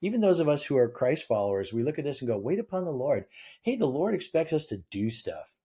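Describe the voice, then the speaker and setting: A man's voice: medium pitch, big pitch swings, quick pace, dark tone, breathy edge. A man, a guest author on a podcast, speaking animatedly and acting out the voices of the people he quotes. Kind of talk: conversational interview.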